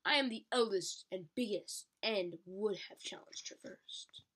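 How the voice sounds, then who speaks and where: A woman's voice: medium pitch, a little slow, fairly bright tone. An insistent, bossy young female dragon, the eldest of her group, pushing her claim. A woman reads her lines in a storybook reading. It sounds much like the reader's own voice.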